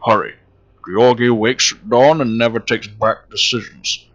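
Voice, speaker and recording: A man reading a solemn male game character's advice in a slow, measured, raised voice. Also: medium pitch, steady tone, fairly bright tone, highs cut off, natural voice.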